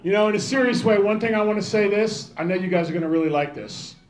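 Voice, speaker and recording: A man's voice: high voice, quick pace. A man in his fifties giving a rambling, joking banquet speech, calling out to people in the crowd. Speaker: banquet speaker.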